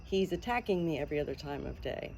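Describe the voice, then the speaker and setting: A woman's voice: low-pitched, animated, quick pace, gravelly, a little mellow, slight background noise, low-quality recording. A woman vlogging casually to the camera about her pet rooster at home, upbeat and cooing at the bird.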